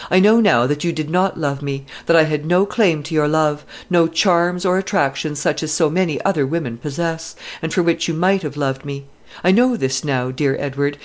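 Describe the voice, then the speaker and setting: A woman's voice: deep voice, lightly acted. Woman voicing a sad young orphan girl, tender, sorrowful, audiobook. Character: heartbroken young orphan girl writing a letter.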